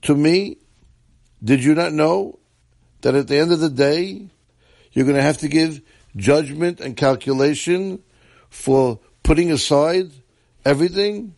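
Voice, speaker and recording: Guy putting on an angry landowner, scolding loud and high, dry sound. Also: a little slow, creaky, long pauses, no room sound. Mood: furious. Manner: furious scolding. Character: angry stern landowner man, yelling.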